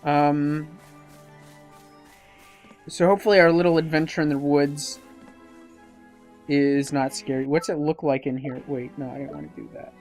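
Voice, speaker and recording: Soft background music accompanies this YouTuber's mid-range, darkish, steady voice as he plays through a game at a moderate pace, pausing often. He muses aloud about where to head next, rambling with hesitant fillers in typical let's-play style.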